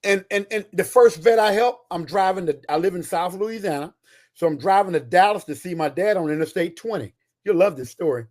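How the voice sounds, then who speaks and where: A man in his sixties with a high, slightly mellow voice tells animated stories as a guest. A retired Army Ranger and author, he talks fast and with emphatic energy.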